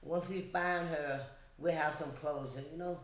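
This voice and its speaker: A woman guest in a casual chat, telling a story earnestly and slowly, often adding "you know". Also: sits low, fairly even intonation. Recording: echoey room.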